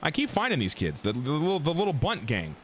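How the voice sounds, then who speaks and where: A man giving live gameplay commentary, excitable and full of profane trash talk. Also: on the high side, fast talker, faint music behind. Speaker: gaming YouTuber.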